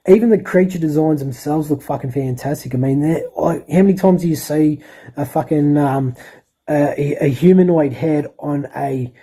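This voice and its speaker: A man's voice: fairly high pitch, moderate pace, mellow, rough recording. A man rambling through a casual, profane film review as a podcast co-host. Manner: rambling, sweary, enthusiastic.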